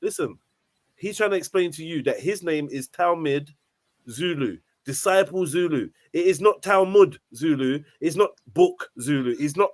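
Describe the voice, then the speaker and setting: Brief: blunt male moderator, slightly high voice, dry close sound, reining in a live panel argument. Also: moderate pace, dry recording. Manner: blunt, cuts in to calm the room.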